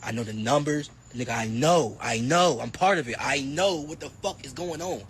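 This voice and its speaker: A man's voice: mid-range voice, normal speed, breathy edge. A young man in his twenties, a boxer, talking boastfully with a lot of swearing and mockery. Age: 20s. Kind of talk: heated interview clip.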